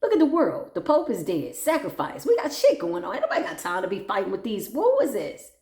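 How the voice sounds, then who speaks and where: A woman's voice: medium pitch, huge pitch swings, quick pace, darkish tone. A woman giving a blunt, profane tarot reading, mocking her targets and breaking into laughter. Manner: bursts into laughter. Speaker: tarot reader. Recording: roomy echo.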